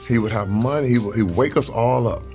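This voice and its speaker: A man's voice: medium pitch, brisk, a little mellow, soft background music. A man being interviewed over a meal, telling earnest, reflective stories. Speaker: interview guest.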